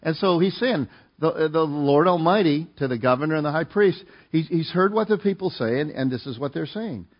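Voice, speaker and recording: A man's voice: on the high side, lively intonation, a little fast, highs cut off. A man preaching a sermon, reading scripture verse by verse and explaining it in a conversational way, often asking his listeners to join in. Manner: conversational, asks the congregation to join in. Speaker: pastor.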